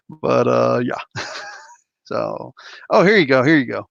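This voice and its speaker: A man's voice: medium pitch, expressive, moderate pace, vocal fry, long pauses, no echo. A man hosting a casual livestream, rambling and chuckling as he reacts to chat comments. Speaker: livestream host reading chat.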